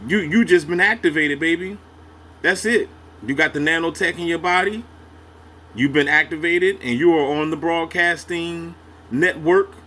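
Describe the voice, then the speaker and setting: A man hosts a reaction video, his voice sitting a touch high for a man. He talks loose and slangy, jumping in to agree and pressing his points with heavy emphasis. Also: moderate pace, sharp tone, slight background noise. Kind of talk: casual reaction commentary.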